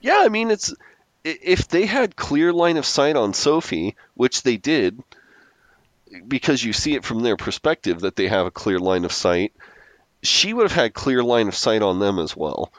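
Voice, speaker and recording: A man's voice: medium pitch, sing-song, normal speed, no echo. A man co-hosting a podcast, casually recapping a TV episode and chuckling as he recounts scenes. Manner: amused, laughs often while recounting scenes. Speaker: podcast co-host.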